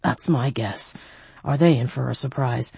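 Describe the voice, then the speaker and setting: A woman reading the lines of a gruff, battered male soldier who barks orders. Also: very deep voice, unhurried, dark tone, dry recording, pitched below the performer's own voice, full character voice. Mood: grim. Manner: barking orders.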